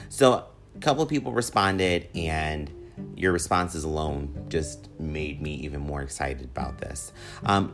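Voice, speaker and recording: A man's voice: low-pitched, a bit bright. A man hosting his own podcast in an upbeat, rambling, repetitive way, with a slightly whiny voice. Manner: upbeat, rambling, repeats himself with fillers. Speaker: podcast host. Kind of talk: casual solo podcast monologue. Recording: music playing under the voice. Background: guitar music.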